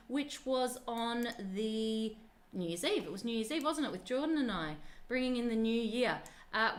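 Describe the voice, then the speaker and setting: A woman's voice: a little high, fairly bright tone. A woman hosts a live stream in a chatty, upbeat way. She talks straight to the children watching at home. Her tone is casual and friendly. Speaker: live-stream presenter at a penguin nature park.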